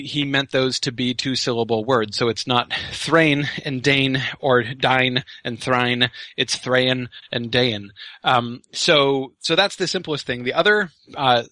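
A man's voice: mid-range voice, sharp tone, no room sound. A middle-aged man co-hosting a podcast as a literature professor, explaining things casually with many fillers and restarts. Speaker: podcast co-host, Tolkien professor.

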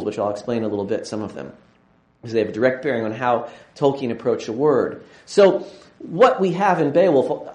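A man's voice: mid-range voice, a little mellow. A man lecturing a class with enthusiasm, digressing often and restarting phrases, in a lecture room with a roomy echo. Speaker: university lecturer.

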